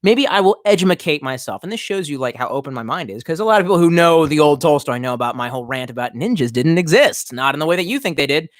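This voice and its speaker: Profane, rambling male streamer, lively pitch. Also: fast, hardly any pauses, no echo. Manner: profane, rambling, reacts to chat. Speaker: live streamer. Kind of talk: casual live-stream chat.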